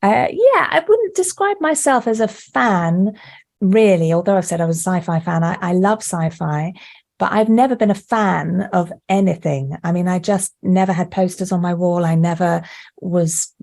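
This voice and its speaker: Woman guest, mid-low voice with gravelly fry, animated storyteller who laughs a lot. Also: normal speed. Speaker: guest, actor and director. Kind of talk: podcast interview chat. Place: remote call, not with the hosts.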